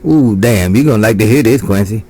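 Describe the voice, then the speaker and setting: A man's voice: fairly low pitch, a little fast, a little mellow. Drawling man chatting over CB radio. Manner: drawling, repeats "no doubt about it". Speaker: CB radio operator. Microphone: CB radio handset.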